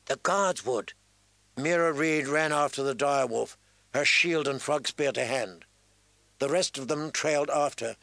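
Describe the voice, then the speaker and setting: A man narrating an audiobook in a measured, even storytelling manner. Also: mid-range voice, creaky, no room sound. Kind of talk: scripted narration.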